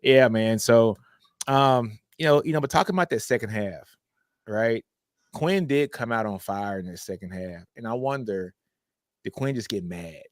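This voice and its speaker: A man's voice: lowish voice, normal speed, no echo. A man co-hosts a casual football chat, talking animatedly and repeating himself as he makes his points. His voice sounds dry and close, with no room around it. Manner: animated, repeats "you know what I'm saying". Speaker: co-host. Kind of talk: casual sports talk.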